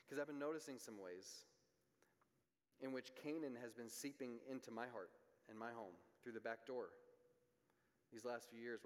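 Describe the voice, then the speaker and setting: A man in the middle of a sermon, speaking at an ordinary pitch for a man. He is earnest, pushing harder on the points that matter and falling quiet for asides. His voice rings with a long reverb, as if in a large hall. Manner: earnest, builds intensity on key points, drops to quiet asides. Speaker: preacher.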